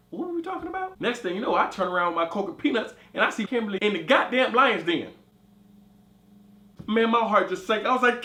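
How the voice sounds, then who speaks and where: A man's voice: a little high, reverberant. A man with a cold and a stuffy nose telling a comic story to camera, acting out each voice in it. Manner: animated, acts out every voice in the story. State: congested with a cold. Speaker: comedy vlogger.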